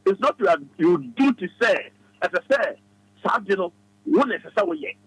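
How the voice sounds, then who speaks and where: A man's voice: high voice, big pitch swings, moderate pace, fairly bright tone, breathy edge, low-quality recording. A Ghanaian man giving advice as a radio studio guest, talking emphatically and repeating his phrases like a preacher.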